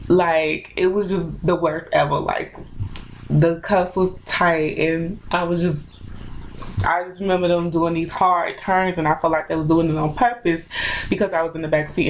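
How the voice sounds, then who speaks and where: A woman's voice: lowish voice, a little hiss or hum, rough recording. Chatty young woman telling a story. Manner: animated, chatty, lots of fillers. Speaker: vlogger. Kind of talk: casual storytime.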